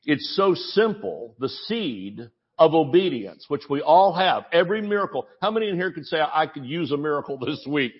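Man, pastor, sermon, somewhat high voice, dull lo-fi sound. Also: moderate pace, slightly rough. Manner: animated storytelling, mimics voices in quotes.

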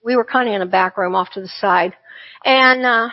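A woman's voice: mid-range voice, normal speed. A woman telling a personal faith testimony in an earnest, conversational way, full of asides. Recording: dull lo-fi recording.

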